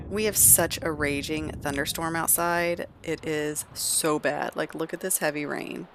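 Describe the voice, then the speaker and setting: Chatty low-voiced woman gaming. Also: fairly even intonation, noisy background. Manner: chatty, fast, exclaiming. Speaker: let's play narrator. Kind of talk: casual gameplay commentary.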